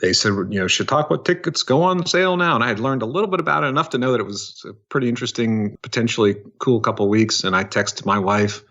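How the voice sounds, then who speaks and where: A man with a fairly low voice asks long, curious questions as he guest-hosts a podcast. His audio sounds muffled and lo-fi. He talks in an easy, conversational way. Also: quick pace, few pauses, a bit bright. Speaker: guest host interviewer. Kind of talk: casual interview questions. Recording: dull lo-fi audio.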